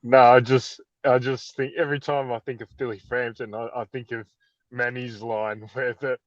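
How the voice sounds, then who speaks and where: A man's voice: medium pitch, no room sound. Laid-back man, dull dry audio. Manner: relaxed and measured, with fillers. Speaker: podcast co-host. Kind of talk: casual football chat.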